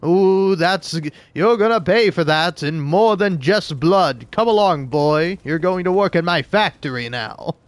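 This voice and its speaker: A haughty, sadistic rich old miser sneers down at the poor, as a man hams him up. The voice is pompous and scornful, pitched a bit high and pushed loud. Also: animated, measured pace, few pauses, no room sound.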